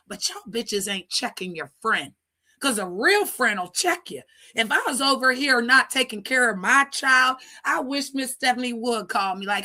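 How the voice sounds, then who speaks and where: Loud-mouthed woman cussing out her viewers on stream, high-ish voice, crisp bright tone. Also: lively intonation, moderate pace. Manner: brash, profane, scolding. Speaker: streamer and commentator. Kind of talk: live-stream commentary rant.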